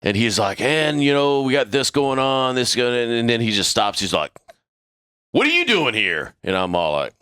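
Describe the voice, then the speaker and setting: Profane middle-aged man with a bright voice. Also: mid-range voice, normal speed, few pauses, smooth, no echo, studio quality. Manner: profane, animated, acts out the voices of people in his story. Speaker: podcast crew member telling a story. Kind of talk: casual storytelling chat.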